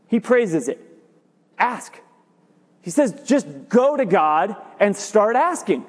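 High-voiced man preaching in a reverberant hall. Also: takes it slowly, pauses often. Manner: animated, jokey preaching with emphatic repetition. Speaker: pastor. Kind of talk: sermon. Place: church sanctuary.

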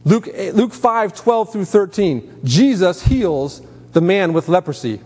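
High-voiced preacher in a reverberant hall. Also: male voice, very animated, takes it slowly, darkish tone. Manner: emphatic, rises in pitch for quoted commands. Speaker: pastor. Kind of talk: sermon.

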